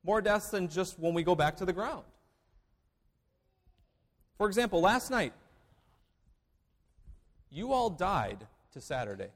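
A man preaching in a church sanctuary, his voice high and animated, rising to loud declarations and dropping to hushed asides. The sound carries the long reverb of a large hall. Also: a little slow, long pauses. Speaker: pastor. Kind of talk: sermon.

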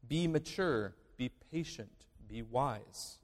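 Emphatic preacher with a lively, high voice. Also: male voice, unhurried, in a large hall. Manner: emphatic, swings between loud declarations and hushed asides. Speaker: pastor. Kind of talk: sermon.

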